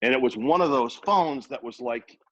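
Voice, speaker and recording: A man in his fifties from Worcester, Massachusetts, a radio personality telling rambling, animated anecdotes in a casual interview. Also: mid-range voice, moderate pace, no room sound, dull audio. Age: 50s.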